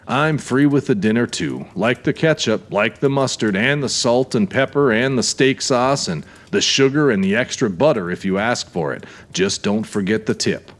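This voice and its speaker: A man's voice: mid-range voice, expressive, normal speed, few pauses, lightly acted. A man doing a sardonic, teasing waitress. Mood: teasing sarcasm. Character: sarcastic young waitress, woman.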